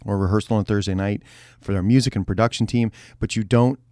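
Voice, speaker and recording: A man with a fairly low voice talks through leadership ideas as a podcast co-host and lead pastor. He explains in long relaxed runs, restarting his sentences as he goes. The recording is dry and close. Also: fast talker, no room sound.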